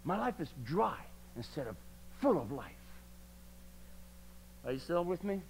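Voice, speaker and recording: A man preaching a sermon at a church service, repeating lines passionately and swinging between quiet talk and loud declarations. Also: a little high, sing-song, a little slow, creaky, slight background noise, poor audio.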